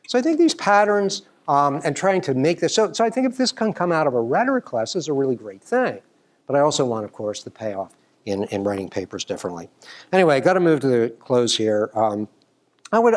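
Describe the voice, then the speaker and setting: Earnest man giving a writing talk. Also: medium pitch. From New York. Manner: earnest, hesitant, many ums and restarts, leans into quoted dialogue. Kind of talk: academic conference talk.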